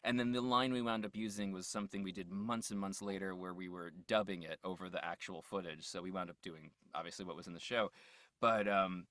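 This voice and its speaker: A man's voice: low-pitched, fairly even intonation, fairly quick, a bit bright, dry recording. A man, a voice actor, talking as an interview guest in a loose, rambling way, laughing often and trailing off mid-thought. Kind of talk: casual interview chat.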